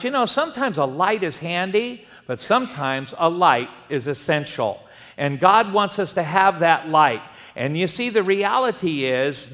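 A male pastor preaching in a church sanctuary, his slightly high voice carrying a long reverb tail through the hall. He speaks conversationally and illustrates his points with homely personal stories. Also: a bit bright. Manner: conversational, telling personal stories with acted quotes. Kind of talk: sermon.

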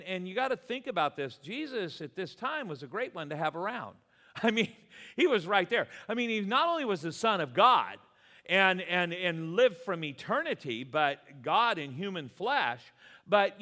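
A man preaching a sermon to his church, animated and joking, acting out little quoted exchanges. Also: high-pitched. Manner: animated, jokey asides with acted quotes. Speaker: pastor. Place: church sanctuary. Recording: long hall reverb.

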